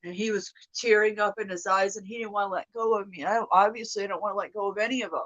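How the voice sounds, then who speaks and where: A woman in her thirties venting to her viewers in an upset, profane monologue that swings from loud outbursts to hushed mutters. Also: medium pitch, steady tone, fast talker, highs cut off. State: upset, emotional. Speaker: vlogger.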